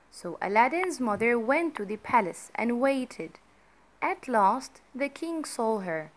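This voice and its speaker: A woman storyteller reading a children's story aloud for learners, clearly and expressively. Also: a little high, sing-song, slow pace.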